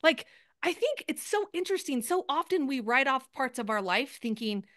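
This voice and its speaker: A woman's voice: sits high, very animated, fairly bright tone, no room sound, clean studio sound. Upbeat woman coaching on a video call. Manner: upbeat, rapid, acts out sample posts. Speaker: sales coach. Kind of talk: live group coaching call.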